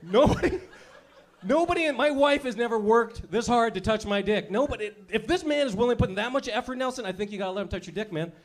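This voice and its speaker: A man's voice: high voice, fast talker, hardly any pauses. A man in his thirties doing profane stand-up comedy, working the crowd and laughing at his own jokes.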